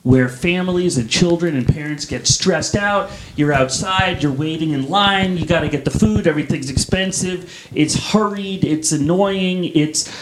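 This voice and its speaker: A man's voice: a little high, moderate pace, few pauses, noisy background. Wry, cynical man riffing in a debate. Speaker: debate moderator. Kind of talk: casual panel debate.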